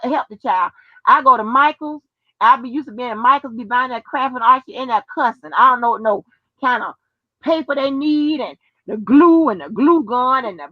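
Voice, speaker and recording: A brash, slangy woman talks freely, swearing and rambling through her stories. Her voice sits a little high. The stream audio is dull and dry, with no room sound. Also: no echo. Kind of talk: casual chat.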